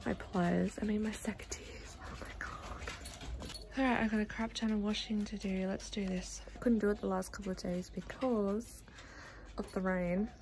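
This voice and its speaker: A woman's voice: mid-range voice, fairly even intonation, normal speed, a little mellow. A young Australian woman chatting casually to camera while running errands, self-mocking and swearing now and then. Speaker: vlogger. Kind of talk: casual vlog chat. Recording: clear car and road noise.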